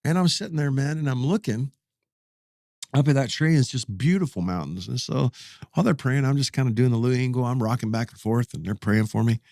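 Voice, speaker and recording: A man in his fifties, a pastor, tells a story in a folksy, animated way, doubling back on his words as he goes. His voice sits in a middling pitch. The sound is dry and close, with no room around it. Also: brisk, dry recording. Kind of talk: casual storytelling in an interview.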